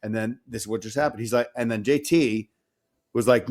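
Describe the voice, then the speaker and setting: A man's voice: mid-range voice, a little fast. A man co-hosting a casual podcast, telling a story with lots of swearing and acted-out dialogue. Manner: animated, swearing, acts out dialogue. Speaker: podcast co-host.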